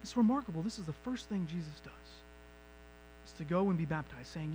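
A man preaching a sermon as pastor, moving from quiet reflection to loud, emphatic questions. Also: fairly high pitch, animated, a little fast, a little hiss or hum, low-quality recording.

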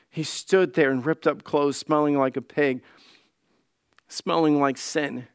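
A man's voice: fairly high pitch, steady tone, measured pace, clear, resonant tone, no room sound. Impassioned male pastor, dry close sound. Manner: impassioned preaching that swings between soft pleading and loud declaration; acts out quoted voices in his telling. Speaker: lead pastor. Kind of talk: sermon.

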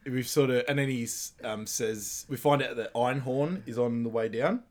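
A man talks through a movie recap in an easygoing, chatty podcast voice. His pitch sits in the ordinary middle range. He keeps laughing and leans on loose fillers as he goes. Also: normal speed. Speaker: podcast co-host. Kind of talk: casual movie recap chat.

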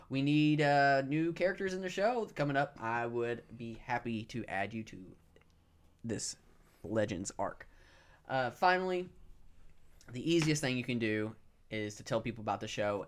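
Laid-back man running a tabletop game. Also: medium pitch. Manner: relaxed, rambling, with frequent fillers. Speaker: podcast host and game master. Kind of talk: casual ad read and game narration.

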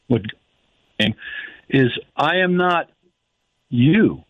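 A man calling in to a radio show, talking haltingly and reflectively and slowing down to stress quoted phrases. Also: a little high, lively intonation, no echo. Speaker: caller. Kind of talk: phone-in call. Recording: tinny phone line.

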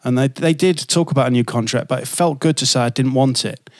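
A man's voice: mid-range voice, quick pace, a little mellow, no echo, clean studio sound. A man who hosts a radio podcast, interviewing a guest in casual chat and asking rambling questions. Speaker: podcast host, radio presenter.

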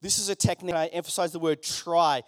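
A man's voice: fairly high pitch, fairly even intonation, quick pace, dry recording, studio quality. A man preaching a conversational sermon, with joking asides to the congregation in a church. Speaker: pastor.

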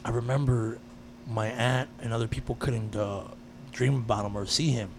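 A man in casual chat, telling a personal story with lively energy and frequent swearing. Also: medium pitch, moderate pace, background noise. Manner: animated storyteller, swears freely.

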